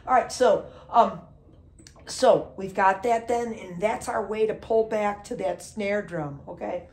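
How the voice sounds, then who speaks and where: Speaking a little slowly in a mid-range voice, this drum teacher walks through a casual lesson. Her loud counting carries over the drums playing below, and she frequently stops to ask "okay?"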